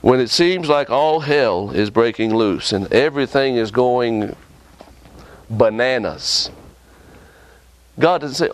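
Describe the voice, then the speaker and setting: A man preaching a sermon with impassioned delivery, often jumping up and down in pitch for emphasis. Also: lively intonation, slow, long pauses.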